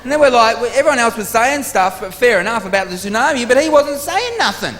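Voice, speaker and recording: Profane Australian comic in a reverberant theatre. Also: male voice, extremely high pitch, lively intonation. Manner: rapid, profane, exasperated storytelling with sudden loud outbursts. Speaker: stand-up comedian. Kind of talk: stand-up comedy routine. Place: large theatre stage before a live audience. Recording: live theatre recording with long hall reverb and audience noise.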